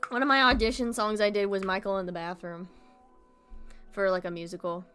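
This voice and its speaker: Bright-voiced young woman streamer, animated. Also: medium pitch, brisk, soft background music. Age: young adult. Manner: animated, heavy swearing, frequent laughter. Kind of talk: casual chat stream.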